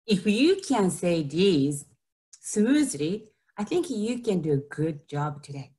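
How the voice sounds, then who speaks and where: A woman's voice: fairly low pitch, very animated, slow pace, mellow. A woman with a Japanese accent, a native Japanese speaker, teaching a beginner language lesson patiently with plenty of ums and repeated phrases. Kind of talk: slow online language lesson.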